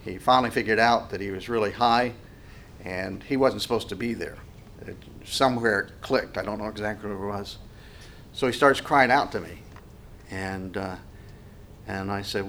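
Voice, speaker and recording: A man's voice: lowish voice, fairly even intonation, moderate pace, a bit bright, a little hiss or hum. Earnest male preacher, conversational. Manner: earnest, conversational preaching with many restarts and fillers. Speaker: pastor. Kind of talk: sermon.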